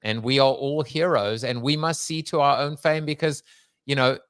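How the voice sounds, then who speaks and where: A man's voice: mid-range voice, normal speed, a bit bright, clear, resonant tone, no echo. A man with a Long Island accent hosting an interview podcast, joking and rambling, laughing often. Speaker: podcast host. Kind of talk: casual interview chat.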